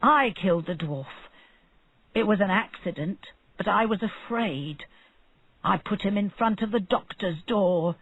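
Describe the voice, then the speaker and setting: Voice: medium pitch, unhurried, fairly bright tone, no echo. A narrator doing a frantic fish seller. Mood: urgent. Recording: narrow phone-like sound.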